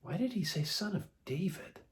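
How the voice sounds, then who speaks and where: Man, children's church teacher, playful storytelling, animated pitch. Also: moderate pace. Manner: animated, playful, laughs often.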